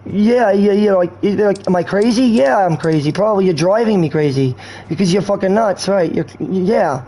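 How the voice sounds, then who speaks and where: Slangy high-voiced male streamer. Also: normal speed, dark tone, slight background noise. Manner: slangy, rambling, erratic. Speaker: game streamer. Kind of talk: rambling casual stream talk.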